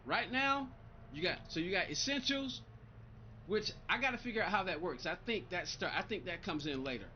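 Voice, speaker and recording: Irritated high-voiced man streaming to chat. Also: animated, normal speed, bright, forceful tone, muffled recording, a little hiss or hum. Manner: irritated, rambling, repeats himself, talks back to chat. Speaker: live-streaming sim racing gamer. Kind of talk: casual live-stream chat reading viewer comments.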